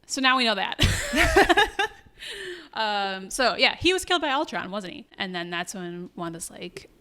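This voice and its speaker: A woman co-hosting a casual podcast, recapping plot points in quick, animated bursts. Her voice is bright and clear, with a crisp, forward tone. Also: medium pitch. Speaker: podcast co-host. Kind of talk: casual chat.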